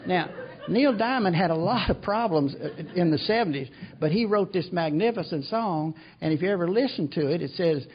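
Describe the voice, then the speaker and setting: A man's voice: sits high, expressive, moderate pace, husky. An older man speaking at a recovery meeting, telling his story in a rambling, self-deprecating way with many restarts. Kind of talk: recovery talk to an audience. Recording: dull lo-fi recording.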